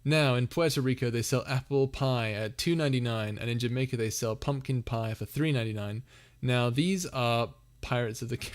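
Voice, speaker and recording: A man's voice: mid-range voice, normal speed. A young man hosting a casual live Q&A, reading chat messages aloud and laughing often. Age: young adult. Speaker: livestream host.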